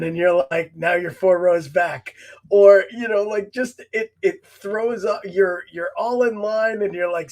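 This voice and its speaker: A man with a notably high pitch tumbles eagerly through a story, restarting phrases as his excitement runs ahead of him. He comes across as a guest chiming in on a relaxed chat. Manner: excitable, tripping over his words as he builds a point. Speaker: podcast guest. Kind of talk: casual chat.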